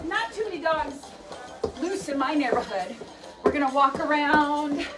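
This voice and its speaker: A woman's voice: sits high, lively intonation, moderate pace. A young adult woman leading an animal-themed workout class, chatty and encouraging, breaking into playful animal noises. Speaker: fitness instructor. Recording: voice from a distance with faint music. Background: faint workout music.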